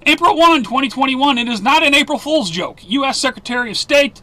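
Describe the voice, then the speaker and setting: A man hosting a weekly news roundup, talking fast with sarcastic asides and fillers. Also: very high-pitched, lively intonation, sharp tone, no room sound. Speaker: news commentary host.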